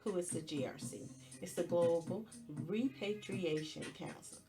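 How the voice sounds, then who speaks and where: A woman hosting a podcast, recapping a TV episode in a chatty, expressive way with playful asides. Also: fairly low pitch, normal speed, over music. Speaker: podcast host.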